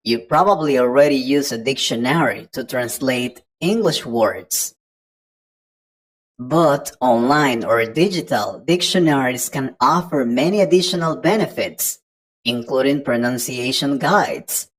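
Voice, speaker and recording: Very deep-voiced, unhurried woman teacher. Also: rough recording. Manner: patient, explains step by step to the learner. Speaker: English teacher. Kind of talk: online pronunciation lesson.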